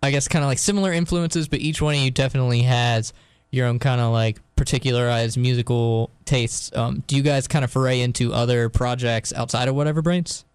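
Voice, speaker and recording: Smooth, dry-sounding male interviewer. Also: mid-range voice, steady tone, fairly quick, few pauses, no room sound. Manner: hesitant questions full of fillers. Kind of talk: casual interview.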